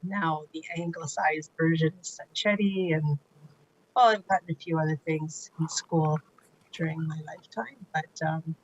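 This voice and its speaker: A woman's voice: low-pitched, little pitch movement, moderate pace, highs cut off, slight background noise. A woman answering at a hearing over a video call, hesitant and full of fillers but good-humored. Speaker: defendant at a hearing. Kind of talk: hearing testimony.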